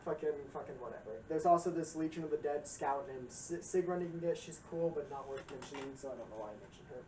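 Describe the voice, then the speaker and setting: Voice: medium pitch, fast. Rambling, profane young lore explainer. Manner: profane, rambling, frequent fillers and acted quotes. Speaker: streamer giving a game lore lecture. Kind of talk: casual rambling chat. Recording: roomy echo, distant mic, faint noise.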